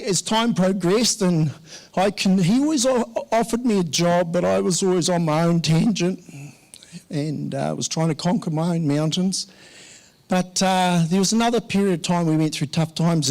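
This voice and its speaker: A man giving a eulogy at a memorial service, halting with many fillers and restarts. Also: high voice, a little mellow. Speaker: eulogy speaker. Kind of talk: memorial speech.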